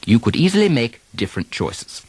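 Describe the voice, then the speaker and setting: A man teaching accent drills on a taped lesson, modeling example sentences slowly and deliberately. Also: mid-range voice, big pitch swings, darkish tone, breathy edge. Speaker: dialect coach.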